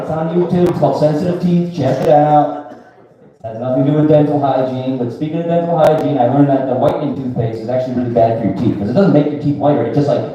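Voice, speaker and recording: A man's voice: on the high side, mellow, dull audio. A man in his thirties doing a live stand-up set, crude and rambling, often asking the crowd "right?". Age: 30s. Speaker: stand-up comedian. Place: live comedy venue with a crowd. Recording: echoey room picked up from far off.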